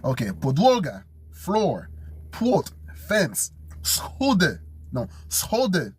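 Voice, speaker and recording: Man, husky voice, casual self-study, repeats words slowly, thinks aloud. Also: on the high side, huge pitch swings. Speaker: Polish learner.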